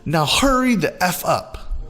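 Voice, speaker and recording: A man's voice: high-pitched, sing-song, slow pace, pushed and bright, voice pushed up, full character voice. A man voicing a rude, impatient entitled mother who snaps, swears and makes demands, in a storytelling video. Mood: irritated demanding.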